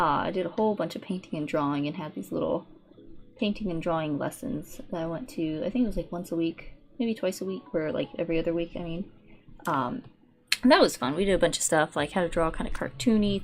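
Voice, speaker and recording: A young woman with a slightly low voice chats her way through a painting stream, rambling and restarting her sentences. Faint music plays softly behind her. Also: a little fast. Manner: rambling and chatty, many "like"s and restarts. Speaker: VTuber streamer. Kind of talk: casual chat while painting on stream.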